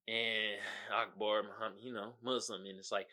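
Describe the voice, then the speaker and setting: A young adult man hosting a podcast, casually ranting about a movie in an animated, exasperated, slangy way. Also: fairly low pitch, normal speed. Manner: animated, exasperated, slangy with mocking put-on quotes. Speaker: podcast host reviewing a movie. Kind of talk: casual rant.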